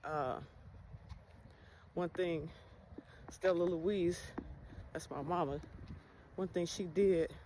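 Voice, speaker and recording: A woman talks bluntly about faith in a candid personal monologue, swearing heavily. Her voice is on the low side and mellow, with fairly even intonation, a slow pace and frequent pauses, over a noisy background hiss.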